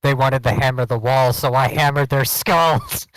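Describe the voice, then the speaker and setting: A man's voice: mid-range voice, normal speed, no room sound, poor audio. A man co-hosting a podcast, making casual jokes and laughing often. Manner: jokey, laughs a lot. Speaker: podcast co-host. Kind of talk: casual joking chat.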